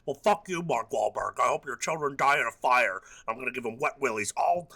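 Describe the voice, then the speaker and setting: A guy doing a low, blustering business voice, phone-call tirade. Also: animated, fairly quick, creaky, sharp tone, heavily acted. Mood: angry.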